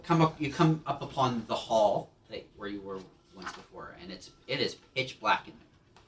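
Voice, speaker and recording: A man's voice: medium pitch, lively intonation, normal speed, reverberant, distant mic, slight background noise. A man narrating a tabletop game as game master, hesitant with many ums and restarts.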